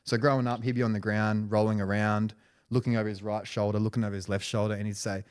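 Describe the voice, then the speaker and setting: A man with a lowish voice speaks as a podcast guest. He tells his story casually, rambling and restarting phrases as he goes. His speech is dotted with "you know" and "right". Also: level tone, fast talker, a little mellow, clear, resonant tone.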